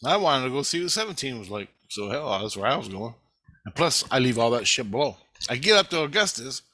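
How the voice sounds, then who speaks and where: A man's voice: medium pitch, very animated, brisk, bright, forceful tone, low-quality recording. A man rambling agitatedly through a profane monologue, swearing constantly as he recounts his visions. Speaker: vlogger recounting spiritual visions.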